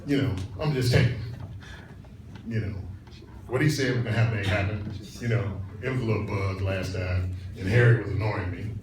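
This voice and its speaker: A man lecturing at a conference, telling stories in a loose, animated way and laughing as he goes. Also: lowish voice, brisk. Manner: colloquial, animated, laughs through his stories. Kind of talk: storytelling talk to an audience. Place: conference room. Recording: echoey room, far from mic, noisy.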